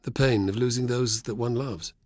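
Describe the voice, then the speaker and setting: A man's voice: mid-range voice, normal speed, dry recording, clean studio sound, close to an everyday voice. Man voicing a weary, philosophical old soldier. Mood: reflective. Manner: dark, sighing, reflective.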